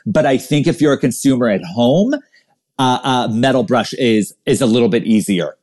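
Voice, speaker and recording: A man's voice: medium pitch, moderate pace, a little mellow. A man guesting in a casual chat, rambling and searching for words as he explains. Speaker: guest hairstylist.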